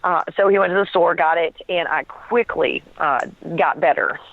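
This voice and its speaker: A woman's voice: lowish voice, moderate pace, dry recording. A woman telling a personal story as an interview guest, earnest and searching for words, often breaking into a laugh. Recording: tinny phone line, dry.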